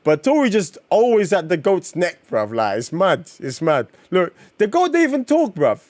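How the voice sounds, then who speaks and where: Slangy streamer. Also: male voice, high-pitched, normal speed, no echo. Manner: slangy and excitable, reacting to chat. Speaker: streamer reading comics. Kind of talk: casual live-stream chat.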